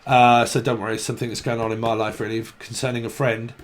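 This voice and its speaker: A man's voice: mid-range voice, level tone, fast talker, a little hiss or hum. A man giving a casual tarot reading, rambling and blunt, swearing freely. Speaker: tarot reader.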